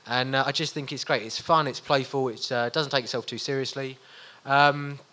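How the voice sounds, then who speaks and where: A man co-hosting a casual chat, relaxed and meandering with fillers. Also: medium pitch, normal speed. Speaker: co-host.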